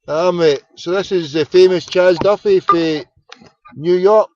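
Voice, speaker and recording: Glaswegian male host, chatty and casual, a bit high-voiced, dry lo-fi home recording. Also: unhurried, a little mellow, slight background noise. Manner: chatty, fumbling with the tech between calls. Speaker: phone-in show host. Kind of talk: casual phone-in chat. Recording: dull, lo-fi home broadcast.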